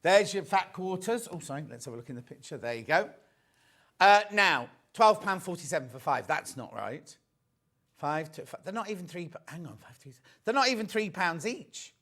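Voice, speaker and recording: A man's voice: high-pitched, expressive, normal speed, fairly bright tone. A chatty man presenting a live sewing shopping show, repeating himself and chatting with his guest. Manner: chatty, repeats himself, reads viewer messages. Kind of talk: live sales chat.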